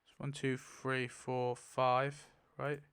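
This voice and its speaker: Young male commentator, excitable and swearing, smooth resonant tone. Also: medium pitch, takes it slowly. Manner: excitable, laughs often, swears, counts aloud. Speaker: YouTuber spinning a wheel. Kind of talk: casual commentary while playing.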